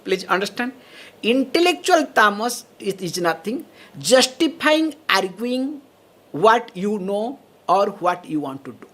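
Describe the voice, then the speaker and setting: A woman's voice: mid-range voice, very animated, a little slow, a bit bright. A woman teaching Vedanta as a swami, often checking in with her listeners and laughing between points. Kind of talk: spiritual lecture.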